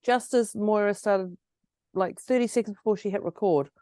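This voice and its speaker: A woman co-hosting a podcast in a casual, chatty way, giggly and a little husky because her voice is going. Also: medium pitch, normal speed, dark tone, no echo, clean studio sound. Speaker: podcast co-host. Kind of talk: casual motivational chat.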